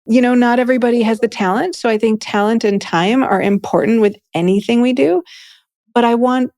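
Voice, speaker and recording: This Akashic Records reader and teacher, a woman whose voice is a little high and a little mellow, speaks briskly and eagerly as an interview guest. Her casual, chatty speech is full of "like" and "right?", captured in a dry, studio-quality recording.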